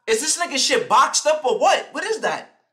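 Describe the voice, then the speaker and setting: A man's voice: extremely high pitch, very animated, normal speed, sharp tone. A young man live streaming, roasting someone in a heated, mocking, profane rant. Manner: mocking, heated, swears constantly.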